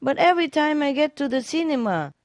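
A joke teller voicing an indignant drunk man in a higher, raised voice. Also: sing-song, fairly quick, no echo, clean studio sound.

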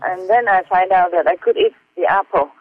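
A man's voice: high voice, dry recording. Man with a tinny phone-line sound. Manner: halting, hesitant, with frequent fillers and self-mocking laughs; earnest, heartfelt. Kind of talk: reading aloud from personal diary notes.

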